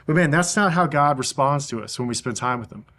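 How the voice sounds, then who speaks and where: A man's voice: mid-range voice, animated, brisk, fairly bright tone. A young adult man preaching a casual youth sermon as a youth pastor, sprinkling his talk with "man" and frequent fillers.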